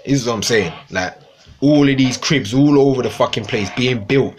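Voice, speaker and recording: A man's voice: medium pitch, normal speed, slight background noise. A young man ranting casually to viewers on a livestream, swearing often and repeating himself. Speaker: livestream host.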